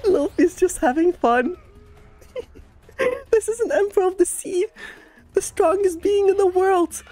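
A woman hosting an anime reaction video, excitable and gushing, breaking into laughter between exclamations. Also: extremely high pitch, a little slow, no echo, faint music behind.

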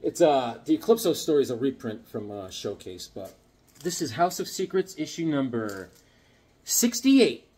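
Excitable husky man in his fifties. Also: medium pitch, normal speed. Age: 50s. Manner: excitable, rambling, jokey. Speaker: comic book vlogger. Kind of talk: casual chat to camera.

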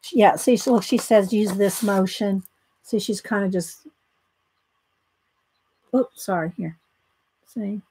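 A Southern American woman leads a casual live coloring tutorial, greeting viewers by name, chatting, laughing easily and reading steps aloud between comments. Her warm, breathy mid-range voice moves slowly with long pauses.

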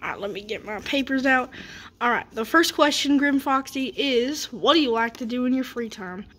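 Woman doing a flustered animatronic rabbit host for a toy skit; light, high-ish, hesitant. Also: moderate pace, fairly bright tone. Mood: fussy. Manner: hesitant, lots of fillers. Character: animatronic rabbit interviewer, fussy, easily flustered. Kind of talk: toy skit role-play.

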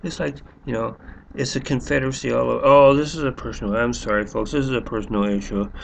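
A man's voice: medium pitch, steady tone, fast, vocal fry, a little hiss or hum. A man rambling through a sarcastic monologue, full of restarts and fillers. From United States. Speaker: vlogger.

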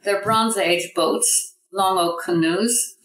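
A woman's voice: medium pitch, slow pace, fairly bright tone, roomy sound, poor audio. An older Irish woman from Ireland, a designer guest telling rambling anecdotes with restarts and laughs. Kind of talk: casual interview storytelling.

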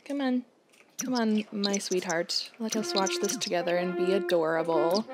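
A woman's voice: medium pitch, steady tone, moderate pace, music in the background. A woman hosting a casual let's-play, chatting playfully as she plays and tossing out mock-outraged exclamations. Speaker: gaming channel host.

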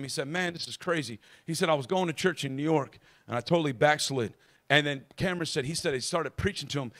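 High-voiced man preaching a fervent sermon. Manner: preaching with frequent repeats and shouted calls to the congregation. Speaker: pastor. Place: church.

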